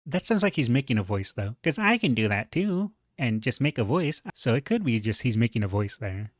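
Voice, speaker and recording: A man with a moderately deep voice reacting to a video in a relaxed, chatty way, thinking aloud with fillers. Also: fairly quick, no echo. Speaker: reaction streamer. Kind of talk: casual reaction commentary.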